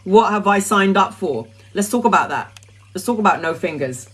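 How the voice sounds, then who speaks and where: A talkative woman hosting a casual spiritual live stream, her voice sitting at an ordinary middle pitch. She chats loosely with plenty of ums and uhs, then drops into soft, repeated mantra chanting that fades lower. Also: animated, normal speed, husky. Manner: talkative, with frequent um and uh. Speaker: spiritual live-stream host answering questions.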